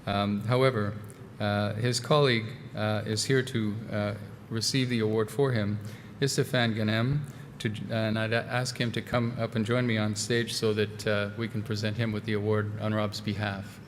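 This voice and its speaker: A man's voice: fairly low pitch, flat delivery, normal speed, hardly any pauses. A man presenting an award on stage, hesitant, with many filler words. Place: large banquet hall. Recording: long hall reverb, faint noise.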